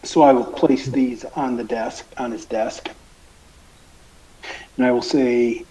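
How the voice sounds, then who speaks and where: A man taking his turn at a tabletop game, speaking slowly and deliberately in a mellow, warm tone. The recording is dull and lo-fi. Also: medium pitch, steady tone. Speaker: player.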